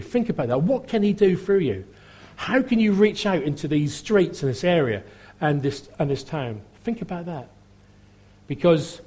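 Chatty Norfolk-accented preacher, slightly husky. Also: male voice, fairly high pitch, darkish tone. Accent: Norfolk English. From Norfolk, England. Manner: chatty, humorous, repeats and restarts phrases. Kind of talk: sermon.

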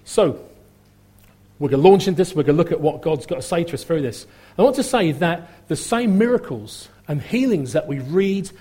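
A man preaching a sermon in a conversational way and asking his listeners direct questions. His voice sits a touch high for a man, with a husky, mellow warmth. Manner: conversational, asks the congregation questions. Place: church service with congregation.

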